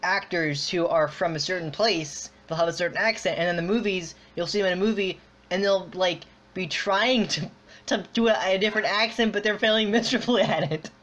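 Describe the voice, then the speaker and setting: A podcast host runs a casual online chat, rambling with plenty of fillers and restarts. His high-sitting voice is fairly bright and a little fast, and the audio is dull and lo-fi.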